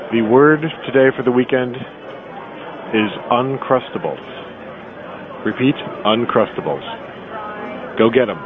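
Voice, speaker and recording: A man gives halting, deadpan field reports for a podcast from inside a packed convention hall. The sound is thin and phone-like, with a crowd murmuring all around him. His pitch sits right in the middle for a man. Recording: tinny phone-like recording, crowd behind. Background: crowd chatter.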